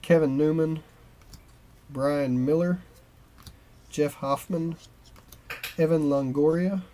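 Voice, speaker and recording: A man's voice: on the high side, fairly even intonation, slow pace, mellow, a little hiss or hum. A man co-hosting a card-opening show, chatting casually and reading player names aloud as he pulls cards. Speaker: co-host opening baseball cards.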